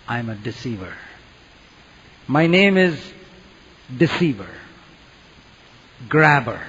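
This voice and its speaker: A man preaching a sermon with earnest, dramatic swings from hushed to loud. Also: mid-range voice, husky. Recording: dull echoey hall recording.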